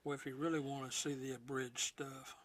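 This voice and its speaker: A man's voice: mid-range voice, flat delivery, a little fast, fairly bright tone. A man co-hosting a casual podcast chat, dropping short, dry, wry remarks.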